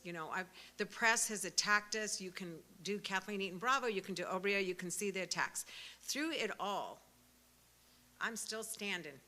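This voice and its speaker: A woman in her sixties giving an impassioned speech at a pro-life event, fervent and emphatic, rising to loud peaks. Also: mid-range voice. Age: 60s.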